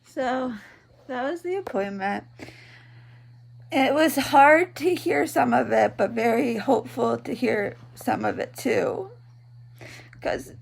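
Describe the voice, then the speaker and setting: Woman in her 30s, creaky gravelly voice, slow halting talk, kinda teary, lots of ums, at home. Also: fairly high pitch. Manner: halting, tearful, many pauses and ums. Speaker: vlogger, patient. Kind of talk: personal video diary. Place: at home, in bed.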